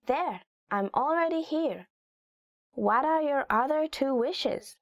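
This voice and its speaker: A woman's voice: sits high, lively intonation, no room sound, studio quality. Giggly chatty woman teaching phrases. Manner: giggly, chatty, filler-heavy, slow careful English renderings. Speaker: language teacher. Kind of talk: casual language lesson.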